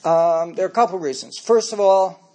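A man's voice: sits high, fairly quick, a little mellow. An older man giving a speech, telling personal stories in an anecdotal way and getting emotional as he speaks.

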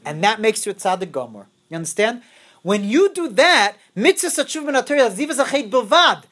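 A woman's voice: a little high, sing-song, a little fast, a bit bright. A woman teaching a religious class, quizzing her students and repeating her key phrases over and over.

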